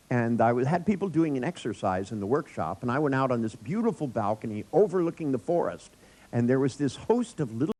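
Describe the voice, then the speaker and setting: Male workshop leader, irreverent anecdotal style, quick to laugh at his own stories. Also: medium pitch, a little mellow. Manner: joking storyteller, laughs often; blunt, irreverent. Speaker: workshop trainer. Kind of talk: live workshop lecture. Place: workshop room with audience.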